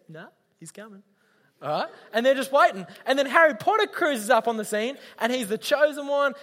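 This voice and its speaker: High-voiced youth leader. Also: male voice, fairly bright tone. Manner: chatty, slangy, addresses audience directly. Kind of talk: youth talk. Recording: long hall reverb.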